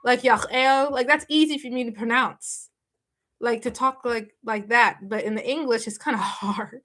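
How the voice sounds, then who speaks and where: Bright-voiced woman chatting on a live stream. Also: on the high side, steady tone. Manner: halting, many restarts and fillers; chatty, answering viewer comments. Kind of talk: casual live-stream chat with viewers.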